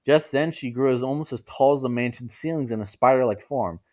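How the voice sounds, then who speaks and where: A man's voice: mid-range voice, fairly quick, a little mellow. A man reading a fan fiction story aloud in a casual way, stumbling over words now and then. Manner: casual, stumbling, laughs at the text.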